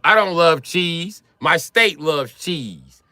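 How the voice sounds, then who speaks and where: A man's voice: a little high, expressive, slow pace, pushed and bright, no echo, studio quality. A man from Wisconsin ranting profanely and mockingly on a livestream. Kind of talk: profane comedic rant on a livestream.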